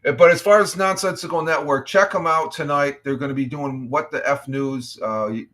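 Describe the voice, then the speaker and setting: Running a relaxed morning chat stream, this middle-aged man reads out viewer messages and restarts himself a lot as he rambles amiably. He talks at normal speed in a fairly bright voice that sits on the high side.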